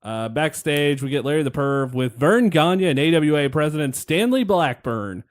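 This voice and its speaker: Speaking at a normal speed in a fairly high, expressive voice, a male podcast host meanders through a wrestling match recap. The chat is casual, wry and full of laughter, with a swear here and there.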